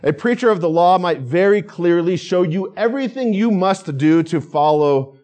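A man's voice: sits high, expressive, moderate pace, a little mellow. A middle-aged man, a pastor, preaching a sermon in a conversational way and asking his listeners questions.

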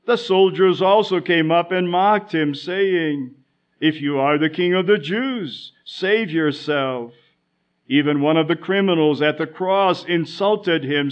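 A pastor delivering a sermon in a measured way, slowing down on key phrases. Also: male voice, fairly high pitch. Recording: dull lo-fi sound.

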